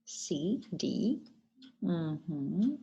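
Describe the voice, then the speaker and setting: Slow, patient woman teacher trainer. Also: fairly low pitch, sing-song, dark tone, dull audio. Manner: slow, patient explaining, pausing for chat answers. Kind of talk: online webinar lesson.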